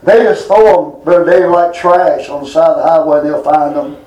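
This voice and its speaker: Man, high voice, folksy preacher reading scripture with homespun asides. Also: fairly even intonation, fairly quick, warm tone, echoey room, rough recording. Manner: plainspoken, drawling, reads scripture aloud with asides. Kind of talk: folksy Bible sermon.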